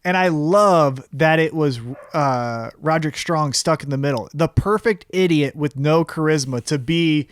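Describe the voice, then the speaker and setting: Podcast co-host, man, fairly high voice, salty and animated, dry close mic. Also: unhurried, hardly any pauses, smooth, no room sound. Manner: profane, animated, acts out quotes in raised voice. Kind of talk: casual wrestling review chat.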